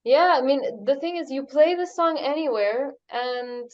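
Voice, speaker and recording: A young woman from Chile with a Chilean Spanish accent, a guest musician chatting on a podcast, playful and quick to laugh. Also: sits high, muffled recording. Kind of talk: casual podcast chat.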